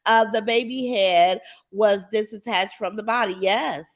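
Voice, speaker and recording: A woman hosting a casual live stream, talking to viewers with lively exclamations. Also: medium pitch, measured pace. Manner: animated, exclaims and repeats, addresses viewers as y'all. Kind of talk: casual live-stream chat reading comments.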